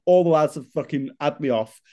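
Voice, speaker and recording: A young man, a fitness coach co-hosting a casual chat, swearing freely as he tells an animated story. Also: a little high, a little fast, highs cut off. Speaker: fitness coach, podcast co-host.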